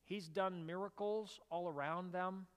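A man preaching a sermon as a pastor. He tells stories in an animated way and rises to loud, emphatic bursts. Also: sits high, a little slow, clear, resonant tone. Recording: reverberant hall.

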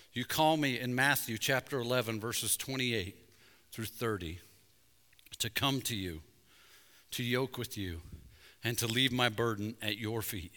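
A man preaching a sermon as pastor, conversational with jokes, rising to loud emphasis at points. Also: medium pitch, measured pace, pauses often. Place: church sanctuary. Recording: reverberant church sanctuary.

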